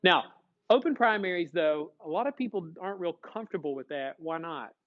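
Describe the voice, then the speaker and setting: A man teaching a classroom lecture, lively, acting out short dialogues as he explains. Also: a little high, a little fast, highs cut off. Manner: animated, acts out little dialogues.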